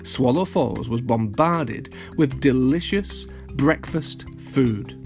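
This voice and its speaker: A man reading a children's story aloud at a steady pace. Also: medium pitch, takes it slowly, soft background music. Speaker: narrator.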